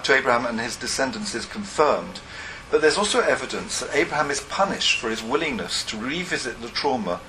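Male lecturer, bright voice, discursive and self-correcting, faint background ambience. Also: mid-range voice, slight background noise, poor audio. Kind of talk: academic lecture.

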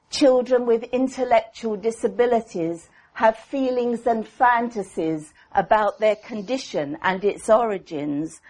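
A woman psychotherapist reading a prepared clinical paper aloud in a measured, deliberate way. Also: medium pitch, a little mellow.

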